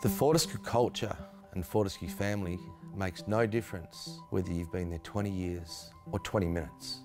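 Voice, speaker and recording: A man's voice: sits low, moderate pace, music in the background. A man speaking sincerely and steadily in an interview.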